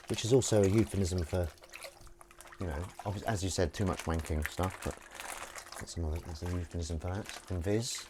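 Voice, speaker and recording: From his kitchen, a man hosts a livestream while washing up, chatting in a rambling, jokey way and reading viewer comments aloud. His voice sits low, a little fast and a little mellow, with a slight hiss or hum.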